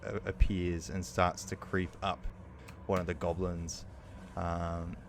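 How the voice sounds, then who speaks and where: A low-pitched man running a tabletop game as its game master. He narrates with a hesitant, apologetic manner, trailing off into fillers. There is a faint hiss behind him. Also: level tone, slow, gravelly.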